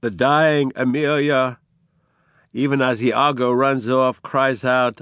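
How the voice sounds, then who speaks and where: A man's voice: mid-range voice, little pitch movement, slow pace, fairly bright tone, clear, resonant tone, no echo. A man giving a lecture on Shakespeare, with dramatic, emphatic narration woven through quoted verse. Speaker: literature lecturer.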